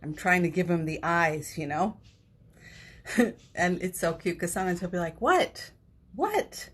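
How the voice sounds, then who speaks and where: A woman hosting a live spiritual talk show, gentle and candid, reading viewer comments aloud and getting teary. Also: fairly low pitch, fairly even intonation, moderate pace. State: teary, emotional. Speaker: host of a spiritual morning show.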